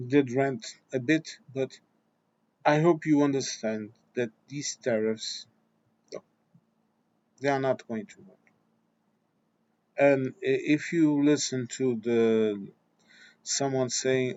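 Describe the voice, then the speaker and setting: A man of middle pitch vents to his viewers in a blunt, exasperated rant, swearing freely and stumbling over restarts. The sound is dull and lo-fi, like a simple home recording. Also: steady tone, slow, pauses often, a little mellow. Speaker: vlogger. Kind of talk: opinion rant to camera.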